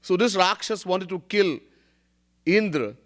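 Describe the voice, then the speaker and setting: High-voiced man telling a scripture story. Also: unhurried, fairly bright tone. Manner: storytelling with chanted Sanskrit verses; laughs often while teaching. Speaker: spiritual teacher. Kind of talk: devotional discourse.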